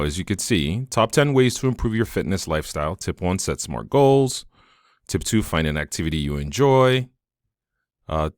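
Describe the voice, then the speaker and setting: A man hosting a screen-recorded software tutorial, talking casually and enthusiastically, thinking aloud with fillers. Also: fairly low pitch, no room sound, studio quality. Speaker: tutorial host.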